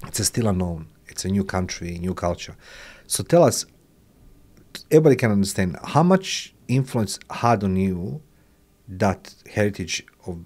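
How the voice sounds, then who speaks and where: Guy interviewing someone, low voice, long halting questions. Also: darkish tone. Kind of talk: casual interview.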